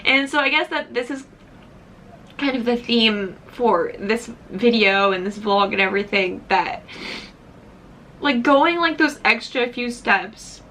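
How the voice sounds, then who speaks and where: A woman's voice: on the high side, expressive, unhurried, bright, forceful tone, a little hiss or hum. A young woman vlogger telling a personal story in a chatty, casual way, full of "like", tearful at moments. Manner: chatty, heavy use of "like", emotional at times.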